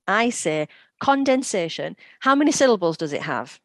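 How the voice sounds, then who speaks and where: A woman's voice: mid-range voice, sing-song, moderate pace, no room sound. A woman in her forties, a guest on an education podcast, explaining teaching methods through practical classroom examples. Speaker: guest, education company CEO. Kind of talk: podcast interview.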